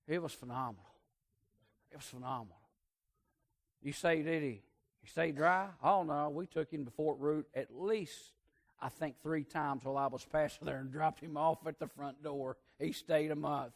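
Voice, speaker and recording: A man preaching a sermon as pastor, telling folksy stories and swinging between loud emphatic peaks and hushed asides. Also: on the high side, normal speed.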